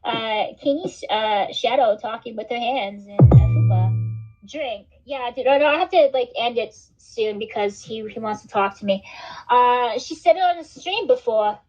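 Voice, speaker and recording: A woman's voice: a little high, lively intonation, moderate pace, darkish tone, faint music behind. A woman hosting a casual livestream, rambling and swearing, with "like" and "dude" in most sentences. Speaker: livestream host. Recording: dull lo-fi stream audio.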